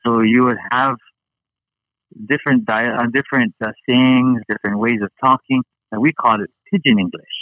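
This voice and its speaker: A man's voice: mid-range voice, steady tone, normal speed, dry recording, narrow, tinny audio. A man from Hawaii, a guest chatting casually and rambling with many fillers and restarts. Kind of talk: casual interview chat.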